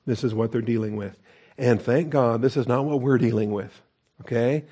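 A middle-aged pastor preaching in a relaxed, conversational way and dropping in joking asides. His voice is mellow and dark. His pitch sits in the ordinary middle range for a man. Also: normal speed, slightly rough. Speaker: pastor teacher. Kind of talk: sermon.

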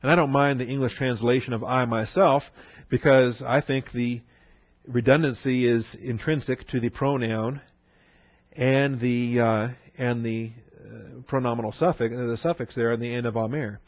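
A man teaching a Bible lesson in a conversational way, repeating phrases for emphasis and slowing down to spell out words. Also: mid-range voice, fairly even intonation, no room sound. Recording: dull, dry lo-fi recording.

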